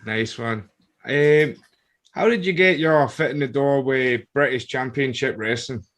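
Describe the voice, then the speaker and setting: Slow, bright-voiced Scottish host. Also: male voice, medium pitch. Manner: short encouraging replies and questions. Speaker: podcast host. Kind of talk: casual interview chat.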